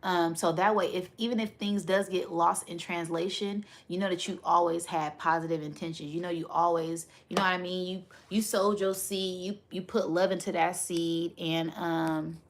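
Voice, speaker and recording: Animated woman chatting on a spiritual livestream. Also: lowish voice, normal speed, hardly any pauses, a little hiss or hum. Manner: animated, laughs often, says right a lot. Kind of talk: casual livestream chat.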